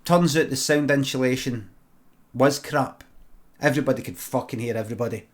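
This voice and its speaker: A man's voice: medium pitch, a little fast. A Scottish man improvising a comic story, rambling and swearing freely as he digresses. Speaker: streamer.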